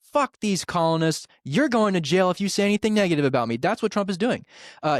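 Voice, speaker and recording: A man co-hosting political commentary, exasperated and mocking, who swears casually. His voice sits a little higher than most men's. He is recorded close on a dry mic. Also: dry recording.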